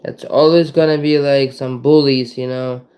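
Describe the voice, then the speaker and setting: A man vlogging in a casual monologue, halting and rambling, searching for words with many fillers and restarts. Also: medium pitch, fairly even intonation, dark tone, poor audio.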